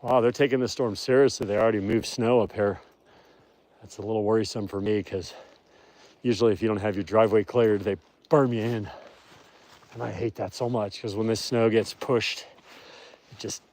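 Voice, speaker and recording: A man narrating a live stream outdoors in the snow on his way to a wolf habitat, talking quietly to viewers and calling to his dog and the wolves. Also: fairly low pitch, fairly even intonation, normal speed, pauses often. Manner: talks softly to his dog and wolves, rises when calling them. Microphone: phone, later a chest rig.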